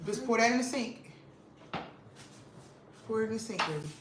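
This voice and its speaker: Animated woman telling a story, roomy echo. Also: a little high, normal speed. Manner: animated, emphatic, repeats lines for effect. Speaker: vlog host. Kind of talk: casual storytelling to viewers. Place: home kitchen. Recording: roomy echo with faint noise.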